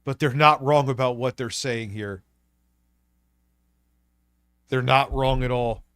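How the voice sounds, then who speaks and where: A man's voice: medium pitch, slow pace, a bit bright, clear, resonant tone, no room sound. Man, stuffy nose, profane commentary, dry close sound. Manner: blunt, mocking, swears a lot. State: stuffy from a cold. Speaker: co-host.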